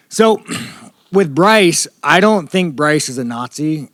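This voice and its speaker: A man's voice: on the high side, expressive, slow pace, fairly bright tone, no echo, studio quality. A man from the United States, a professional fighter at a press scrum, talking in a blunt, rambling, profane way. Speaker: professional fighter at media day.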